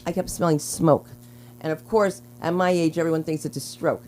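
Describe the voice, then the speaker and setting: Lady comic hosting open mic, lowish voice, brash and rambly, faint hum behind. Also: steady tone, moderate pace. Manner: brash, rambling, swings into loud character voices. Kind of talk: stand-up comedy. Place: small comedy club stage.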